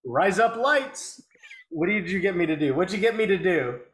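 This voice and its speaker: Young male podcast co-host, high voice, playful banter, echoey call audio. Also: lively intonation, quick pace. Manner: joking, laughs often. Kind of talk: casual chat. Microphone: video call. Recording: echoey room.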